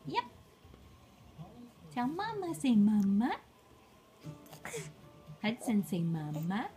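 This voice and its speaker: A woman's voice: on the high side, huge pitch swings, drawn-out words, pauses often, warm tone, soft background music. A woman talking baby talk to an infant, coaxing and repeating words in a sing-song way. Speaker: caregiver filming a baby.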